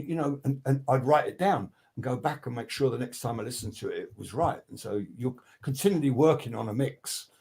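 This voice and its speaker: A man's voice: medium pitch, creaky. An older man, telling studio stories in a rambling, profane, casual way on a video call. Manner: rambling, profane, restarts a lot, animated quoting. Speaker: guest record producer. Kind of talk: casual storytelling interview.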